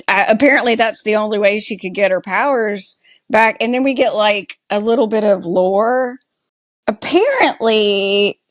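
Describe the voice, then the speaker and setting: A woman with a Southern US accent talks slowly and loosely, stringing her thoughts together with "like" as she recaps a show. The recording is dry and close, with no room sound. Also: medium pitch, dry recording. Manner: slow, chatty, lots of "like" fillers. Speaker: podcast co-host. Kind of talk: casual TV recap chat.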